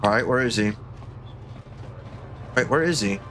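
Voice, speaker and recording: A man giving casual gameplay commentary as a streamer, excitable and joking, swearing often. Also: mid-range voice, measured pace, a little hiss or hum. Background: game music.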